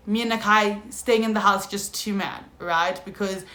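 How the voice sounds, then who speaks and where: A young South African woman telling a storytime vlog, animated and slangy, often calling out to her viewers. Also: medium pitch, normal speed. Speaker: YouTuber. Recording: echoey room.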